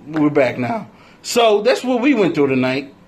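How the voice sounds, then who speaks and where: A man co-hosting a casual podcast, telling a story slowly and laughing as he goes. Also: on the high side, big pitch swings, a little mellow. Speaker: podcast co-host.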